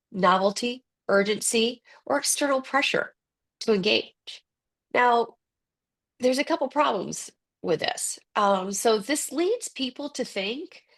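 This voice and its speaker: Lively woman teaching a webinar. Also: medium pitch. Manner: lively, animated, acts out quoted voices. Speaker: ADHD coach presenting a webinar. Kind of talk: conversational webinar lecture.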